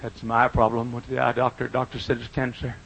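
An older man preaching a folksy sermon in a church, swinging from quiet asides to loud, drawn-out emphasis, with a husky voice. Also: mid-range voice, monotone, low-quality recording. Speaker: pastor. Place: church auditorium.

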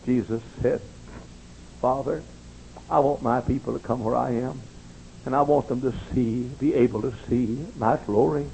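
A male pastor preaching a fervent sermon, swinging between hushed, intimate passages and ringing calls. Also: medium pitch, steady tone, moderate pace, gravelly, slightly rough, low-quality recording.

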